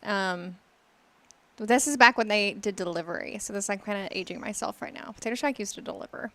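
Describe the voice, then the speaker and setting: A woman's voice: mid-range voice, a little fast, sharp tone. A woman bantering on a morning talk show, teasing and laughing. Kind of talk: casual chat.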